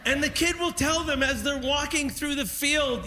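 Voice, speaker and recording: Very high-voiced energetic stand-up comedian. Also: male voice, normal speed. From Canada. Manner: energetic, shouting to crowd. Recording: live room with audience noise.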